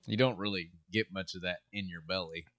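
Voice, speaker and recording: A man's voice: low voice, steady tone, brisk, a bit bright, no echo. A man co-hosting a casual podcast from a cafe, easygoing and enthusiastic, close on a podcast mic. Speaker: podcast co-host. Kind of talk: casual chat.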